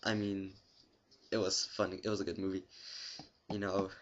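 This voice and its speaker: A young man telling a long story to his camera in a rambling, profane, deadpan way. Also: deep voice, moderate pace, dull audio, a little hiss or hum. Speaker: vlogger.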